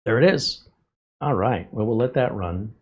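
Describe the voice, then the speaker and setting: A man's voice: on the low side, normal speed, husky, dull audio. A man hosting a live tech stream, answering viewer chat in a blunt, sarcastic way. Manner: blunt, sarcastic, lively asides. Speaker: tech show host.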